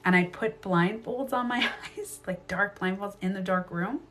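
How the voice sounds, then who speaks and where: A woman's voice: mid-range voice, normal speed. A woman casually telling a story on a livestream from a bedroom at home. She uses many fillers and acts out reactions as she talks. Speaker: live streamer and beauty coach.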